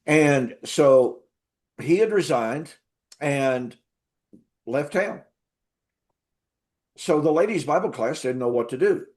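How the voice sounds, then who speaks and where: A man's voice: fairly high pitch, animated, slow, long pauses, darkish tone. A man telling his story as an interview guest and Bible teacher, emphatic, repeating words for stress.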